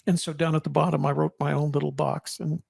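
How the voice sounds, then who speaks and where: A man in his seventies shares his memories in a reflective, halting way, often restarting phrases. His voice is a little high with a gravelly edge. The recording is dry and close. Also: little pitch movement, darkish tone, dry recording. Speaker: guest, army veteran and co-author. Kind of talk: reflective personal storytelling.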